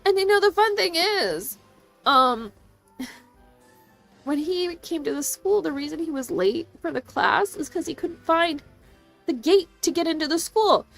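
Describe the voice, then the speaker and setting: A woman's voice: extremely high pitch, lively intonation, a little slow, gravelly, a bit bright, faint music behind. Fed-up woman venting in casual chat. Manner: venting, swearing, quoting people in voices. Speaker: assistant language teacher.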